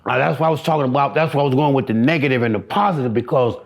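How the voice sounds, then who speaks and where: Husky man telling his story haltingly. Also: mid-range voice. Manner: halting, repetitive, profane; stammering restarts. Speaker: interviewee. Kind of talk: emotional personal storytelling.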